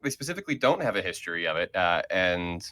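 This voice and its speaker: A man's voice: low-pitched, big pitch swings, fast talker, bright, forceful tone. A man leading a casual group chat as host, talking in a rambling way with many fillers and restarts.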